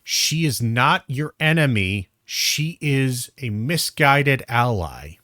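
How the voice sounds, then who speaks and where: A man's voice: medium pitch, lively intonation, takes it slowly, bright, forceful tone, dry recording, studio quality. A man giving blunt, profane reaction commentary, exasperated and full of restarts. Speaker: commentary streamer.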